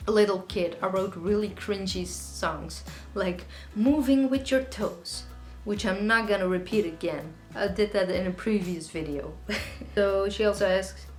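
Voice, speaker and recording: A woman's voice: medium pitch, fairly even intonation, normal speed. Chatty young woman in an echoey room. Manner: chatty, rambling, with frequent fillers. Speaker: singer-songwriter YouTuber. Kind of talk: casual Q&A vlog. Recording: echoey room with faint music.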